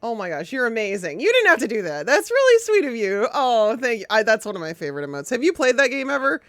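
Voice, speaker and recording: A woman streaming a game, chatting casually with viewers in an excitable, giggly, gushing way. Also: a little high, fast, no echo, studio quality. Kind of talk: casual live-stream chat.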